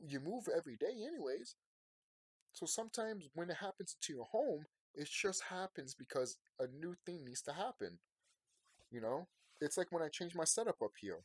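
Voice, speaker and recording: A man talking to his viewers in a rambling late-night monologue. He sounds sleepy and yawning, and he swings from quiet, tired musing to loud ranting. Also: fairly high pitch, breathy edge, no room sound. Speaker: vlogger.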